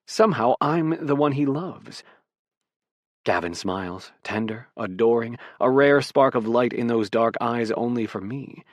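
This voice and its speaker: A man narrating a romance audiobook in the first person, soft and intimate in delivery. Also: medium pitch, a little slow, no echo.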